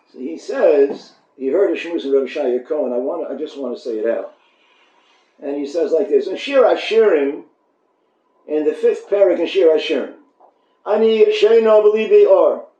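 A man teaching a Torah class, animated and storytelling, often restarting his phrases. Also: on the high side. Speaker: rabbi giving a Torah class. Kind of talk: Torah lecture. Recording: echoey room, dull lo-fi sound.

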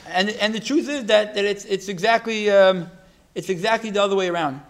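A man giving a religious talk, telling a story in a halting way, with many restarts and repeated words. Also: high-pitched. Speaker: religious teacher.

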